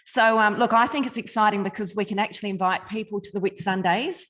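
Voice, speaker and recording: A woman speaking on a team video call in a heartfelt, slightly halting way. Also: mid-range voice, steady tone, a bit bright. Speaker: team member making an announcement. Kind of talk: casual video call speech.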